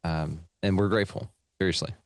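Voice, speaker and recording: Podcast host, American man, lower voice, dry close sound, easy chatty delivery. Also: fairly even intonation, a little fast, dry recording. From United States. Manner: laughs often, thinks out loud. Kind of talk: casual chat.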